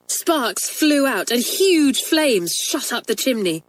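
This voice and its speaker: A woman's voice: on the high side, very animated, slow, few pauses, rough recording. Woman reading a children's story. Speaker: audiobook narrator.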